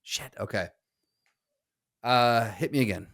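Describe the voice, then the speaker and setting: A man's voice: mid-range voice, slow pace, creaky, a bit bright. Playful, hesitant male podcast co-host. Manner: playful, hesitant guessing, lots of ums and swearing. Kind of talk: casual podcast chat.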